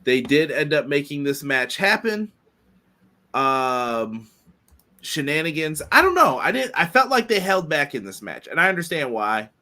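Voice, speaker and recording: A man hosting a casual podcast, upbeat and quick to laugh. His voice is bright and a little high, and it swings up and down a lot. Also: big pitch swings. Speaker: podcast host. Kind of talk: casual chat.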